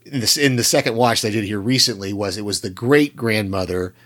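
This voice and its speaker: A man's voice: on the low side, a little fast, a bit bright. An American man co-hosting a podcast, chatting casually about a show he watched and rambling through restarts and hedges. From United States. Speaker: podcast co-host. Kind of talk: casual chat reviewing a show.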